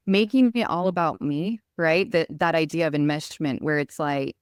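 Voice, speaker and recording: A woman with a fairly low voice hosts a relaxed podcast chat and explains ideas patiently. She often checks in with a quick "right?", and the sound is close and dry with no room echo. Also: smooth. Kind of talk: casual podcast conversation.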